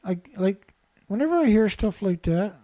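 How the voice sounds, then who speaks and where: An animated Canadian man with a high-pitched, dark-toned voice speaks at normal speed. Working as an environmental commentator, he reads news reports and mocks them in a profane, sarcastic rant.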